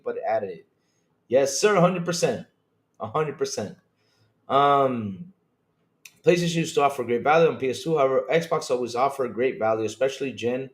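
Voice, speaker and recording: A man runs a live gaming stream, chatting eagerly with viewers and reading out their messages. He repeats himself and laughs a lot, speaking in a mid-range voice.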